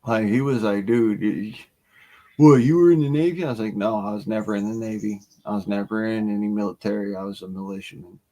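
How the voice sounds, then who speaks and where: Profane, animated man telling a story. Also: fairly low pitch, quick pace, hardly any pauses. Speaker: stream host. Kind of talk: casual storytelling.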